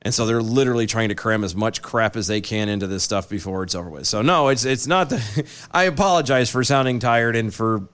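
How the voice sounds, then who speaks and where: A tired middle-aged man co-hosting a casual podcast, talking haltingly with lots of fillers and restarts. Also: lowish voice, animated, a bit bright, clean tone. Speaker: podcast co-host. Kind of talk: casual chat.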